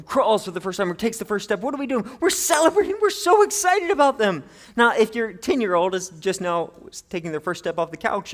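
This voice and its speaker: A middle-aged man preaching a sermon in an animated, conversational way, with playful asides to the congregation. His voice sits high for a man. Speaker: pastor.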